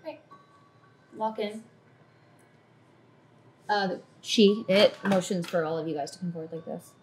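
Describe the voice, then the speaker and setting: A woman narrating a tabletop game as dungeon master, in descriptive, sometimes halting narration. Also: mid-range voice, a little hiss or hum.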